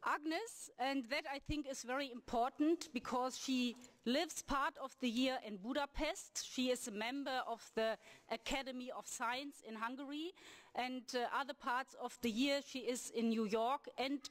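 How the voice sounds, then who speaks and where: A woman's voice: sits high, normal speed. A woman chairing a hearing, giving an earnest, emphatic formal address and introducing the next speaker.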